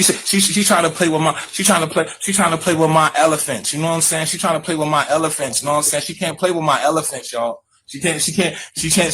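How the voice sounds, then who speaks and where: A man co-hosting a live chat, joking around and telling stories. He acts out what people said in loud, excited voices. His voice sits a bit high for a man, with a faint background hiss. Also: rough recording. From Virginia, US. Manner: playful storytelling, acts out quotes loudly. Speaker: podcast co-host.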